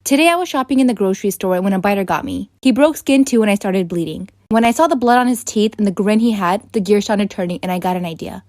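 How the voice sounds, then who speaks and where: A woman's voice: mid-range voice, expressive, fast talker, few pauses, darkish tone, no echo. A woman narrates her story in a wry, scripted way, throwing in curses for effect. Her voice sounds close and dry with no room around it.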